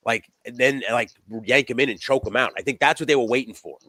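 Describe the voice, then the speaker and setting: A man's voice: mid-range voice, quick pace, few pauses, pushed and bright, no echo. A man co-hosting a live podcast, talking casually about wrestling in a rambling, emphatic way, with frequent swearing. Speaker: podcast co-host.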